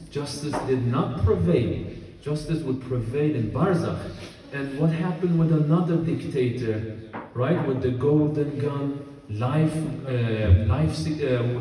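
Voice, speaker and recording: A man's voice: on the high side, warm tone. A man preaching a sermon to an audience, telling stories and asking them rhetorical questions. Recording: echoey hall from far off, crowd audible.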